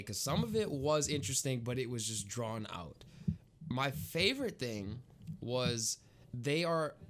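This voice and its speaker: A young man co-hosting a gaming podcast in casual chat, animated and emphatic, laughing often. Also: mid-range voice, a little hiss or hum. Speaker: podcast co-host.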